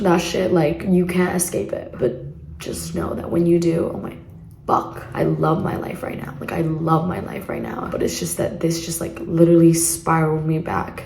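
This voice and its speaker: A woman's voice: on the low side, fairly quick, vocal fry, dark tone, husky. A woman of twenty talking to camera in a casual vlog, chatting while she shops and later venting and crying at home. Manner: profane, frustrated, emotional venting; chatty, upbeat shopping commentary. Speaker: vlogger. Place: shop, then home.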